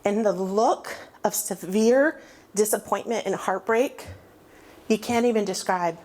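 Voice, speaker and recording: A woman's voice: medium pitch, measured pace, a little mellow. A woman in her forties giving a personal testimony, candid and self-mocking as she tells her story. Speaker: recovery testimony speaker.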